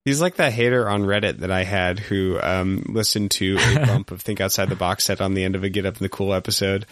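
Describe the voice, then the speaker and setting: A man co-hosts a podcast in relaxed, casual chat, thinking aloud and laughing easily. His voice is low. The sound is dry and close. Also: no room sound. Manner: musing, quick to laugh. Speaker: podcast co-host.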